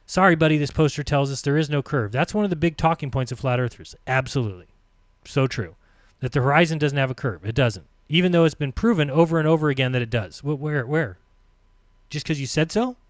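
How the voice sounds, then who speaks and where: A man's voice: mid-range voice, a little fast, no room sound, studio quality. Sarcastic man reading comments aloud. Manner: sarcastic, mocking asides between read-out quotes. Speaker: live stream host.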